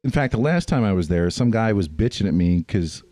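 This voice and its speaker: Podcast guy with a deep-ish lively voice, swears a lot, acts out people in his stories. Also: brisk, no room sound. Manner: animated, profane, mimics people in stories. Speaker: podcast co-host. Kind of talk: casual chat, storytelling.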